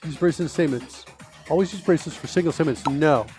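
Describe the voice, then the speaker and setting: A middle-aged man talks through code on a live stream in a casual, rambling way, full of ums and uhs. His voice sits a touch high. Faint music plays underneath. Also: a little fast, darkish tone. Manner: chatty, rambling with many fillers. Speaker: host. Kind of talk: live-streamed coding chat.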